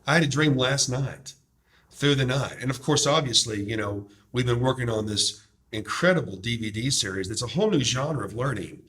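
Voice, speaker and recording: A man's voice: medium pitch, moderate pace, fairly bright tone. A man hosting a discussion, speaking in a fervent, emphatic, preacher-like way. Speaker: host promoting a DVD series. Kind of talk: impassioned discussion.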